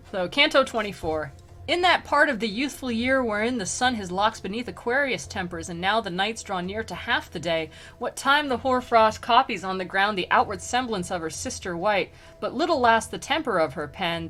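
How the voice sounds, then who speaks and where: A woman's voice: medium pitch, a bit bright. A woman streamer casually retelling a story and reading verse aloud, chatty and wry, with lots of fillers. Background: faint music.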